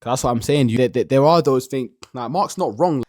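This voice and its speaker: A man's voice: medium pitch, brisk, a little mellow, dry recording, clean studio sound. A man hosting a podcast, giving casual, emphatic reaction commentary and often restarting his sentences. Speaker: podcast host reacting to a clip.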